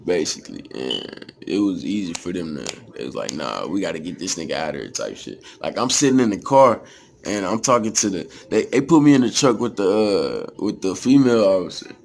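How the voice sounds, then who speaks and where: A man's voice: low voice, sing-song, fairly quick, gravelly, a little mellow, a little hiss or hum. A young man from Texas with a Texas accent, telling a story in a casual, slangy, profane way.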